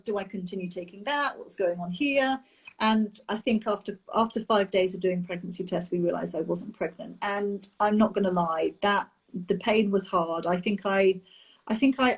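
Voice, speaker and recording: A young adult woman, a nanny, talking candidly about a personal experience with many pauses and restarts over a video call. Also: mid-range voice, breathy edge. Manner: open, halting, with many ums and restarts. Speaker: nanny sharing her IVF experience.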